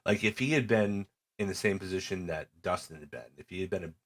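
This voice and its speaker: This middle-aged co-host talks fast in a deep voice on his podcast, casually recapping matches. He tells the stories with energy, putting on the wrestlers' lines himself.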